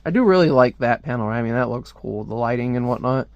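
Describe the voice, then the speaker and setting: Rambling male comic reviewer, crisp dry voice. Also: medium pitch, animated, quick pace, darkish tone, dry recording, lo-fi sound. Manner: rambling, lots of "like" and restarts. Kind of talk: casual video review.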